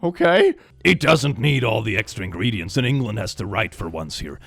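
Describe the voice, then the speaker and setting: A man's voice: lowish voice, lively intonation, a little fast, gravelly, a bit bright, breathy edge, no echo. A man hosting casual comedy reaction commentary, sarcastic and laughing often. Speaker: host.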